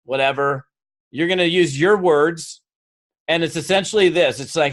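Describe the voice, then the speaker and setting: A man delivers a live seminar, urging his audience into action with energy and a coaxing tone. His voice sits a little on the high side, and he slips into quick acted quotes while he tells his stories. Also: fairly bright tone. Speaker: motivational speaker.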